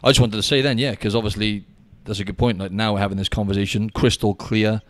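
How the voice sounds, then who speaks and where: Male podcast host from the UK, low-ish, rapid, dry Skype sound, matey chat. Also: dry recording. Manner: chatty, animated storyteller, says "mate" a lot. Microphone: Skype call.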